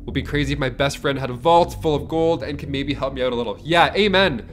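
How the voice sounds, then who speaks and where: A young man reacting to tweets in a joking, sarcastic way, with plenty of swearing. His voice sits at a middling pitch. Music plays clearly behind him. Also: fast talker, hardly any pauses. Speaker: host. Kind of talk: casual reaction commentary.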